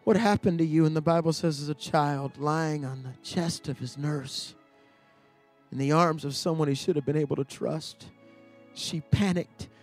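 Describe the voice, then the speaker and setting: Man, pastor, high voice, storytelling sermon, hushed to shouting, faint music behind. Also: normal speed. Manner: repeats words as he builds.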